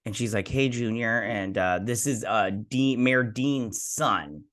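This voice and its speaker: A man's voice: mid-range voice, measured pace, a bit bright. A man hosting a TV review, casually recapping an episode in a rambling way with lots of fillers and quoted lines. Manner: rambling retelling full of fillers and "he's like" quotes. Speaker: host and TV reviewer.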